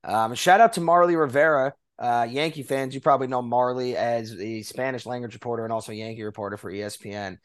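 Male podcast co-host, mid-pitch, casual sports chat, reads items with fillers. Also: steady tone, brisk, hardly any pauses. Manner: conversational, reads notes with fillers.

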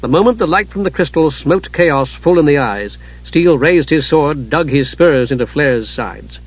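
Husky male audiobook narrator. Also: on the high side, moderate pace, dry recording. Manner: steady, dramatic storytelling. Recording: dull lo-fi audiobook recording.

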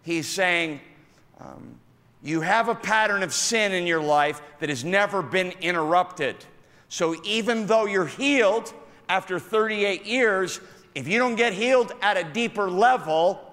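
Male preacher, animated sermon delivery, slightly high, gravelly. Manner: animated, calls out to the congregation. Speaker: pastor. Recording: echoey hall.

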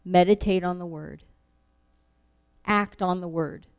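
A woman teaching a Bible lesson, reading verses aloud and acting out the quoted lines with animated emphasis. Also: on the low side, slow pace, smooth. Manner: animated, acts out scripture quotes.

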